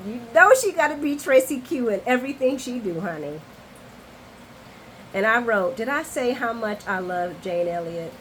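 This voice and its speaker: A woman hosting a casual soap opera recap, chatty, expressive and candid. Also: a little high, moderate pace, slight background noise, poor audio.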